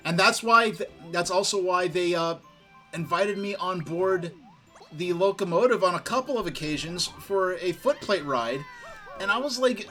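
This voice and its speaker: A man's voice: high voice, animated, normal speed, pushed and bright, faint music behind. A man from New York streaming a game, chatting casually and telling rambling, enthusiastic stories. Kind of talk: casual gaming stream chat.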